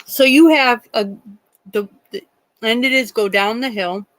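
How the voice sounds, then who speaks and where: A woman's voice: fairly high pitch, unhurried, noisy background. A woman hosting a true crime livestream, talking in a rambling, indignant way with many restarts and some swearing. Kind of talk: casual livestream chat.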